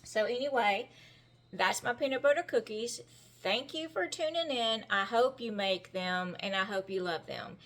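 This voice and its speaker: A woman's voice: a little high, moderate pace, a bit bright. A middle-aged woman with a Southern American accent, chatting in a homey, folksy way as she bakes in her home kitchen. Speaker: home-cooking vlogger. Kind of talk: casual cooking demonstration.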